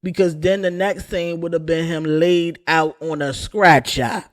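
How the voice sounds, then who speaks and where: A woman's voice: fairly low pitch, steady tone, unhurried, background noise. A woman hosting a gossip channel who rants in a sassy, sarcastic way. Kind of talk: casual gossip rant.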